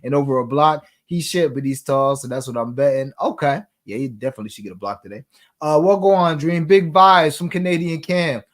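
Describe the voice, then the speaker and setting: A man's voice: fairly high pitch, fairly quick. A man hosting a sports betting talk show, chatting casually in slang and reading viewer comments aloud.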